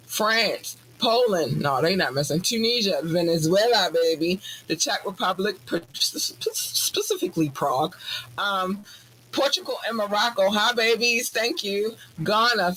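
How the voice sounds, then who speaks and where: A woman hosting a podcast in casual chat, bubbly and effusive, squealing with excitement. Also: on the low side, slight background noise. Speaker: podcast host.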